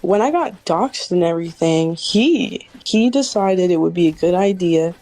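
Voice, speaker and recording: A woman guest on a video call, telling her side casually, halting and full of "like" fillers. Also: lowish voice, animated, dark tone. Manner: halting, many "like" fillers and restarts. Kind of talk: casual recounting on a group stream.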